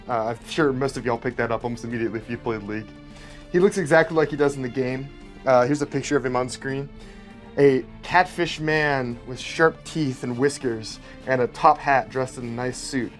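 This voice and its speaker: A man narrates his own story pitch in a casual, rambling way, often pausing on fillers. His pitch sits in the middle range, and faint music plays under him. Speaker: creator telling a story pitch.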